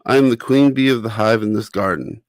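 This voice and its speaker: Man reading a kindly storybook queen bee: low, patient, instructive, dry close sound. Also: fairly quick, no echo, lightly acted. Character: friendly female queen honeybee teacher. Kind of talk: reading a children's picture book aloud.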